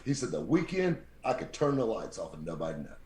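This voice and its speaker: A man with a very deep voice, telling lively stories as a podcast guest and acting out the people he quotes. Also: a little fast, a little hiss or hum. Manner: animated anecdote-teller, acts out quoted people. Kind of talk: casual storytelling. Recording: roomy echo.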